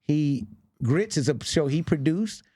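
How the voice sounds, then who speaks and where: A man's voice: a little high, animated, measured pace, dark tone, breathy edge. A man in his forties, a guest comedian and actor, telling stories on a podcast in a profane style, acting out other people's voices and laughing along. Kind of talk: animated podcast storytelling.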